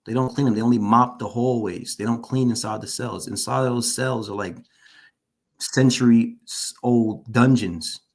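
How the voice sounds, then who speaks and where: Male guest, mid-pitched voice, earnest and shaken testimony, repeats lines for emphasis. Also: steady tone, moderate pace. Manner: openly shaken while recounting. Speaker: guest, formerly incarcerated. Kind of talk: personal testimony in an interview.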